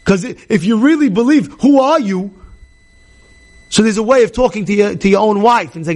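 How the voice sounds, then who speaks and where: A man teaching a Torah class, animated, acting out characters and questioning his listeners. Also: sits high, normal speed. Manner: animated, acts out characters, asks the audience questions. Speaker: rabbi.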